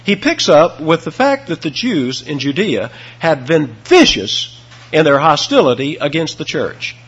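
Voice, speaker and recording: Man, preacher, husky, lively pitch, emphatic, dull lo-fi sermon recording. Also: a little slow. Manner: emphatic, dramatic swings in pitch and loudness. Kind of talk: expository sermon.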